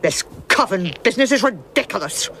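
Lady doing a stuck-up stern old witch in a cartoon, sniffy and lively in pitch. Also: fairly quick, a little hiss or hum. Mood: haughty. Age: older. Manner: haughty, clipped, disapproving. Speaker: head witch. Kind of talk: animated cartoon voice acting.

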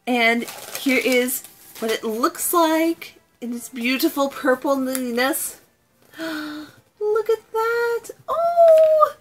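A woman chatting through an unboxing in a playfully exaggerated, put-on Scottish accent. Her voice sits a little high, and she takes her time, unhurried between thoughts. She stays eager and excitable, breaking into gasps and cooing exclamations. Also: slight background noise. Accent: put-on Scottish, deliberately rough. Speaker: unboxing vlogger. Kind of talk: casual unboxing chat.

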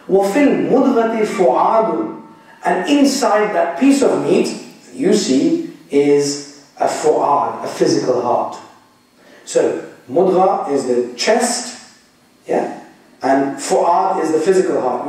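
A man giving a religious lecture, explaining slowly and deliberately and checking that his listeners follow. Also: a little high, mellow. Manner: slow, deliberate explaining with audience check-ins. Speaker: Islamic teacher. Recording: echoey room, mic far off.

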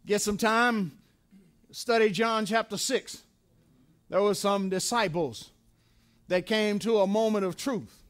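A man's voice: high-pitched, takes it slowly, pauses often. A man preaching a sermon in a church, emphatic and repetitive, asking questions and answering them himself. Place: church sanctuary.

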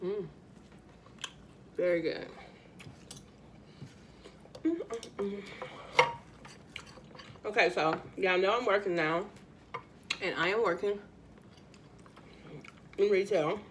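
A woman's voice: medium pitch, slow, long pauses, noisy background. Chatty woman hosting an eating show. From Louisiana, US. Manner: chatty, addresses viewers as y'all, eats between lines. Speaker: mukbang host. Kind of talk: casual eating-show chat.

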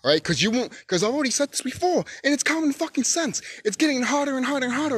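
A man ranting on his own channel in a loose, profane monologue. His voice keeps swinging into emphatic shouting. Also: extremely high pitch, expressive, very fast, hardly any pauses, slightly rough. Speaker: YouTube channel host.

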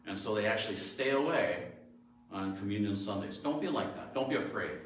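A man's voice: lowish voice, expressive, fairly quick. Male pastor, sermon, storytelling and emphatic questions; very echoey, distant mic. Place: church sanctuary. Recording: echoey church from far off.

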